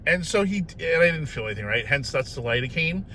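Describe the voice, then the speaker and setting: Animated, bright-voiced man telling a story. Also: fairly high pitch, brisk, slight background noise. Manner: animated, self-mocking, tags lines with "right?". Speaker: vlogger. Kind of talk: casual storytelling.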